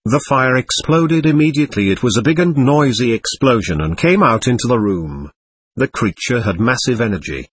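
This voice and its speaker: A man narrating a first-person memoir as an audiobook, in an earnest, measured storytelling manner. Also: mid-range voice, lively intonation, breathy edge, no echo.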